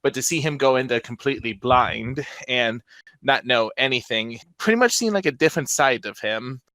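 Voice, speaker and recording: A man's voice: medium pitch, bright, forceful tone, dry recording. A young man chatting casually on a group podcast, rambling and joking. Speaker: podcast co-host.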